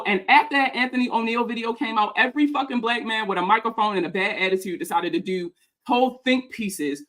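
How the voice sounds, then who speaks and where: A woman's voice: a little high, a bit bright. Heated, profane young woman ranting. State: out of breath. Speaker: personal finance content creator. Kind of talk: ranting reaction vlog.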